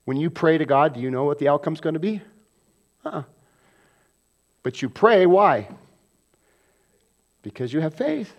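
A man preaching a sermon as pastor, animated, acting out quoted voices and swinging from loud bursts to hushed asides. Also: on the high side.

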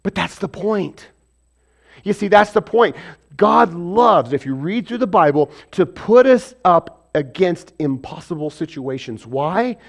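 High-voiced male preacher. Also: expressive, measured pace, vocal fry. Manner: asks and answers rhetorical questions; acts out biblical and everyday voices. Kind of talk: sermon.

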